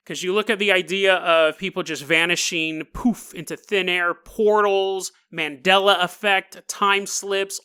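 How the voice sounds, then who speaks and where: A man's voice: high voice, pushed and bright. A man hosting a podcast, telling an eerie tale in a chatty, jokey way with frequent laughs. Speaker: podcast host. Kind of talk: casual storytelling podcast.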